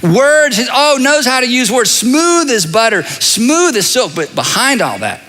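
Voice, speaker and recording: A middle-aged male pastor preaching a sermon in an animated, conversational way, repeating phrases and adding asides. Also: very high voice, measured pace. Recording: long reverb of a large hall.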